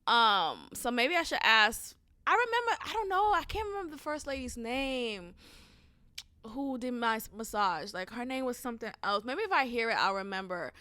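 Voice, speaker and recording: A young woman rants into a close mic on her podcast, animated and profane, often jumping into loud, heated bursts. Her voice sits high and sounds very bright and crisp, recorded dry with no room sound. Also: moderate pace, no room sound. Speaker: podcast host. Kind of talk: casual ranting monologue. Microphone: close studio mic.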